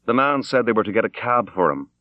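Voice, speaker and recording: A man reading a classic short story aloud in a measured, grave, unhurried manner as an audiobook narrator. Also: lowish voice, animated, no room sound, dull audio. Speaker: audiobook reader. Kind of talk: scripted literary narration.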